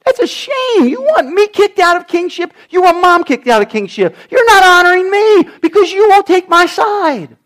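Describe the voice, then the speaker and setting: A man acting out a furious old king who scolds his son in a strained, high-pitched rant. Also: big pitch swings, normal speed, few pauses, fairly bright tone, heavily acted. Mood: enraged.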